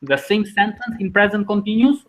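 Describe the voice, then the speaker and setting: Male language teacher on a video call, patient, encouraging, a little high-pitched. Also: expressive, fairly quick, poor audio. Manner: patient, encouraging, explains step by step. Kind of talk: online class teaching.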